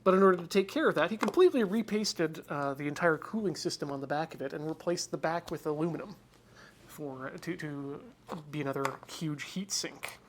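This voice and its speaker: A man's voice: fairly high pitch, brisk, a little hiss or hum. A man hosting a stream, chatting casually and jokingly as he works through a hardware repair. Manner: rambling, joking, drops to mutters while concentrating. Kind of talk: casual chat while working.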